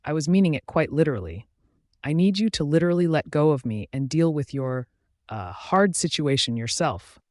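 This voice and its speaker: A man voicing a flustered, blunt young woman in an audiobook, talking in quick, awkward protests. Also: a little high, expressive, darkish tone, no room sound, clean studio sound, natural voice.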